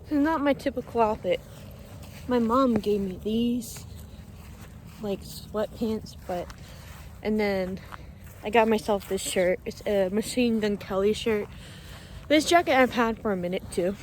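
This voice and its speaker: A woman's voice: mid-range voice, unhurried, long pauses, a little hiss or hum. A young woman chatting casually and a little emotionally in a vlog, walking outdoors by a pond, a bit out of breath from the cold. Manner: soft-spoken, emotional, laughs often. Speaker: vlogger.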